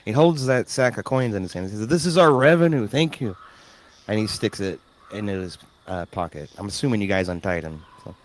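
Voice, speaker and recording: A man narrating a tabletop game as game master, relaxed and often pausing on fillers. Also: lowish voice.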